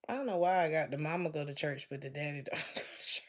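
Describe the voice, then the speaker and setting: A woman's voice: deep voice, quick pace. A woman giving a casual tarot reading to her viewers, chatty and laughing often, talking straight to her listeners. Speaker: tarot reader.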